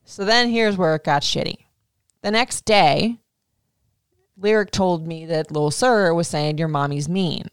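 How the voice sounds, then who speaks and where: A middle-aged woman hosting a casual chat, telling a story with swearing and lively acted-out quotes. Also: on the low side, measured pace, pauses often, smooth, dry recording, clean studio sound. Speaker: podcast host.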